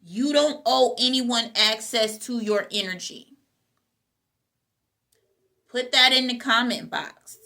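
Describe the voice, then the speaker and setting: A woman's voice: medium pitch, bright, forceful tone. A woman hosting a motivational talk, speaking, repeating her key phrases and checking in with "okay?". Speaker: host.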